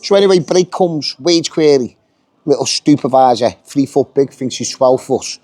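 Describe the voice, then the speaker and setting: A man's voice: mid-range voice, normal speed, dark tone, no room sound. Blunt, swearing British man. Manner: blunt, heavy swearing, acts out quoted dialogue. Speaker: union member telling his story. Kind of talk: casual storytelling.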